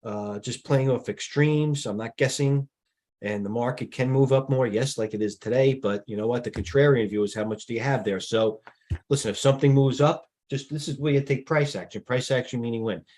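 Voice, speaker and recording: Rambling husky man talking markets. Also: medium pitch, brisk, a little mellow, rough recording. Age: middle-aged. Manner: rambling, muttering asides, restarts. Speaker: stock market live-stream host. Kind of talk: off-the-cuff market commentary.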